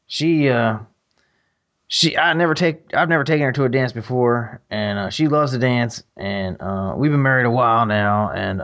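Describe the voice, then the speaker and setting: A man voicing a nervous, folksy gorilla who speaks in halting, stammering phrases. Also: fairly low pitch, a bit bright, highs cut off, pitched below the performer's own voice.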